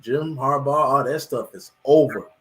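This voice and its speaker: A man's voice: mid-range voice, moderate pace, fairly bright tone, low-quality recording. A man on a sports talk panel, chatty and emphatic as he gives his opinions. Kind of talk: casual sports debate.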